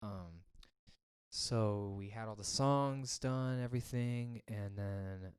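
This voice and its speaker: Young man, lowish voice, rambling, casual podcast storytelling. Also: slow pace, clean tone. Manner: rambling storyteller, many fillers. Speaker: guest musician.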